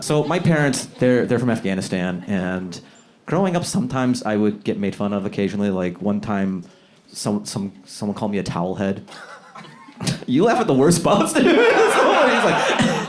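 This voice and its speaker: Chatty male stand-up comedian, lively pitch. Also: normal speed, heavy background noise. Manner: loose, chatty, laughing at his own bits; acts out characters in high squeaky voices. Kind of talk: stand-up set trying new material. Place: comedy club stage with live audience. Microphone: handheld stage mic. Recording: live club with loud crowd laughter.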